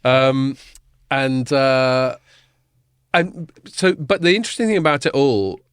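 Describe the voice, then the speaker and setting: A man hosts a casual podcast chat, speaking slowly in a smooth, medium-pitched voice. He's chatty and loose, swearing casually and filling his talk with fillers and restarts. The recording is dry and studio quality.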